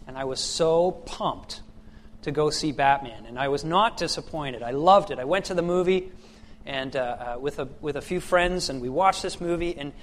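A man's voice: medium pitch, a little hiss or hum. A man preaching a sermon after a scripture reading, chatty with fillers and restarts, building to emphatic questions.

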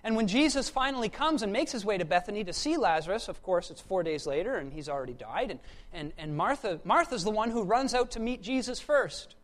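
A preacher delivering a sermon, repeating words for emphasis and moving between loud, pressing stretches and hushed, quiet ones. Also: medium pitch, lively intonation, a little fast.

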